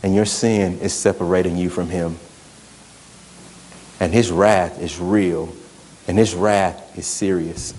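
A man's voice: low-pitched, fairly even intonation, slow pace, pauses often, darkish tone, big-room sound. A man, a pastor preaching a sermon in a conversational, emphatic way that drives points home through repetition. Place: church sanctuary.

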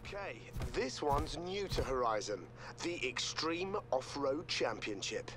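A man's voice: mid-range voice, sing-song, a little slow, background noise. An actor playing a friendly male festival guide in a racing game, with an upbeat announcer delivery, heard as game audio. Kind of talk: scripted game dialogue.

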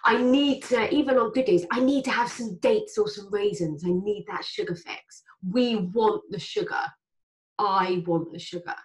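A woman's voice: mid-range voice, normal speed, echoey room, close to an everyday voice. A woman voicing her own primal brain as a whiny, greedy, self-critical inner voice, complaining and insistent. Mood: craving.

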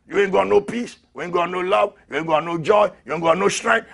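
A man preaching a fiery sermon as an apostle, who shouts, repeats his lines and laughs between them. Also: sits high, normal speed, gravelly, hardly any pauses, slightly rough.

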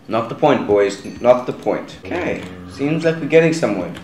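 A young man commentates his own gameplay in a loose, chatty way and keeps calling out to the guys watching. His voice sits at a middle pitch. It carries a roomy echo, and faint keyboard clicks run underneath. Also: animated, normal speed, darkish tone, slight background noise. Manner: chatty, talks to viewers as guys. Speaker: gaming channel host. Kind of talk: casual game commentary.

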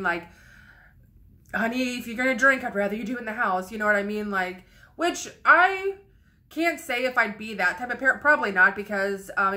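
Young woman, bright voice, casual storytime vlog, rambling and profane. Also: mid-range voice. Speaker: vlogger.

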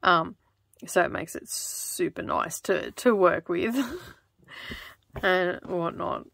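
A woman's voice: drawn-out words, vocal fry, fairly bright tone, no room sound. Chatty Australian woman vlogging, dry close sound. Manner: chatty, rambling, laughs often; keeps her voice lowered. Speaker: craft vlogger. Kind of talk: casual chat while stitching. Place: home craft studio. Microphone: close microphone in front of her.

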